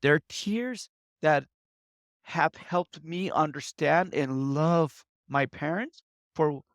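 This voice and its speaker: A man in his thirties, a podcast guest, speaking tearfully in an earnest, halting way and often repeating himself. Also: on the high side, no echo, clean studio sound. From United States and Mexico. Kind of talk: emotional interview talk.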